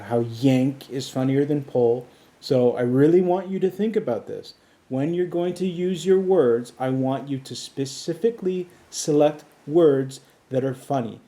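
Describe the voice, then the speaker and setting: A man's voice: medium pitch, warm tone. A man hosting a comedy podcast, chatting with a voice assistant in a dry, insistent, lecturing way. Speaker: podcast host.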